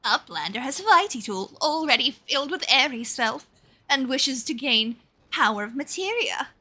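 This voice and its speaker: A woman's voice: sits high, expressive, normal speed, pushed and bright, full character voice. A woman voicing a small male goblin scholar who speaks in broken, odd grammar. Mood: earnest.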